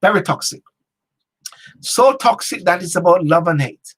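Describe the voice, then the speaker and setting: A man hosts a late-night talk show, speaking in an emphatic, repetitive monologue. His voice is husky and slightly rough, and his pitch swings widely from phrase to phrase. Each point is hammered home rhetorically. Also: animated, normal speed, a bit bright. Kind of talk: opinion monologue.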